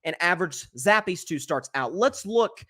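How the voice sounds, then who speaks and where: A male sports show host talking through his takes alone, opinionated and animated. His voice sits fairly high for a man and swings widely in pitch as he pushes his points. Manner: animated, opinionated, talks fast with restarts. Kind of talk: solo sports commentary.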